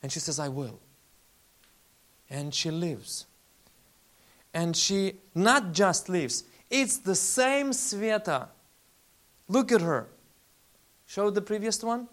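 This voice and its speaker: A man, a faith-based relief leader giving a lively testimony talk with slides and acting out the people he quotes. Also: sits high, slow pace, long pauses. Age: 40s. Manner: animated storyteller, acts out quoted voices.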